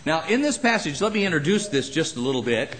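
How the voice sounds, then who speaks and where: A man preaching a sermon in a church, acting out the people in the passage and adding humorous asides. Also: fast. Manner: animated, acts out Bible characters with jumps in pitch. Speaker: pastor. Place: church sanctuary.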